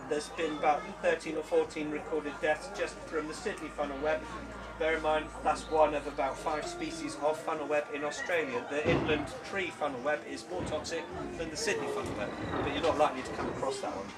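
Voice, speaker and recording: At an outdoor bug show, a man presents spiders in an informal public talk, chatting and joking as he explains facts to the people around him. His voice is fairly high, fairly quick and fairly even in intonation, and it sounds distant over a loud crowd.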